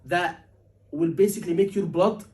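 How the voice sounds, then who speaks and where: A man teaching a surgery exam class, animated and asking his students questions often, acting out patient lines. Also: high-pitched, moderate pace. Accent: Liverpool. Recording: voice from a distance.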